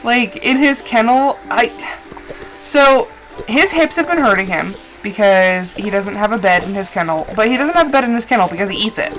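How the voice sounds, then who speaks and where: A woman's voice: fairly high pitch, moderate pace, soft background music, rough recording. A woman streamer chatting casually and rambling while she plays a game. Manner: rambling, chatty, animated asides. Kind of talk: casual chat while gaming.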